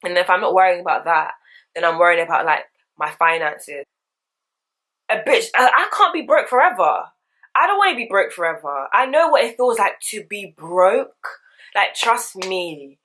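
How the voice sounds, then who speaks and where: Low-voiced woman vlogging. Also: normal speed. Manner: candid, slangy, animated storytelling. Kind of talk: casual get-ready-with-me chat.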